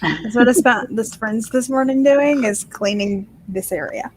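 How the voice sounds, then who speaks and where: A woman's voice: on the high side, unhurried, darkish tone, slight background noise, poor audio. A woman streamer joining a livestream over a video call, talking hesitantly with many fillers. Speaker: streamer and guest. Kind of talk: casual chat on a livestream.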